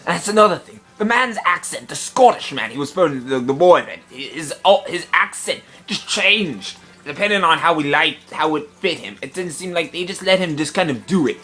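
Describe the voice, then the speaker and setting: A man giving a comedic film review in a pompous, affected gentlemanly put-on voice, indignant and long-winded. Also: fairly high pitch, animated, normal speed, few pauses. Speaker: movie reviewer.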